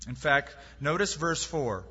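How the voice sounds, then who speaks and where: Male preacher, fairly high and forceful voice, emphatic sermon delivery, muffled recording. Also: expressive, unhurried, breathy edge. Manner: emphatic preaching with rhetorical questions and dry humor. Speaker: pastor. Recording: dull sound with long hall reverb.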